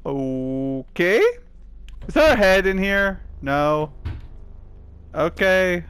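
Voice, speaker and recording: Loud, swearing gamer guy. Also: sits high, animated, extremely slow, clear, resonant tone. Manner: loud, exclamatory, swears a lot. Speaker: video game player. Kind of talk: let's play commentary.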